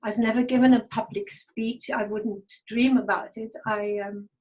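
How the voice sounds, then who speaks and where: A woman telling a personal story to an online group over a video call, halting and hesitant, with many fillers and restarts. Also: a little high, steady tone, a little mellow, muffled recording. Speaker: guest speaker. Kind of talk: personal testimony talk.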